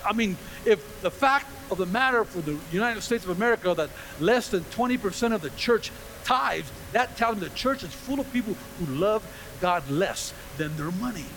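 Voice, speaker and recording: A man preaching a sermon in a church, his voice sitting high for a man and carrying a gravelly edge. He talks in an animated way, acting out the voices he quotes and throwing questions back at the congregation. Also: normal speed, a little hiss or hum. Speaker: pastor.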